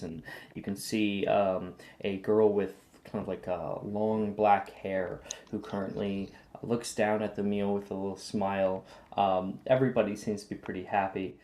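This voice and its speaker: Male game master, relaxed filler-heavy scene narration. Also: lowish voice.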